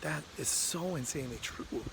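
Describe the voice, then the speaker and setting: A man voicing a humble, wide-eyed crow that gets excited and awestruck easily. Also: fairly high pitch, moderate pace, background noise, natural voice. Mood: awed.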